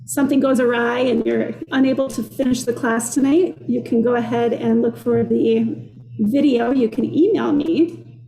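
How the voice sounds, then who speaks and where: A woman's voice: fairly high pitch, fairly even intonation, normal speed, vocal fry, warm tone, reverberant. A woman with a Minnesota accent teaching a live online cooking class from her kitchen, chatty and upbeat as she greets viewers. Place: kitchen workspace.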